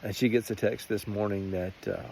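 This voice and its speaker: A man's voice: fairly low pitch, fairly even intonation, moderate pace, vocal fry, darkish tone, a little hiss or hum. A man giving a rambling, earnest personal faith testimony in a vlog. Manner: earnest, rambling, many restarts. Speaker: faith vlogger.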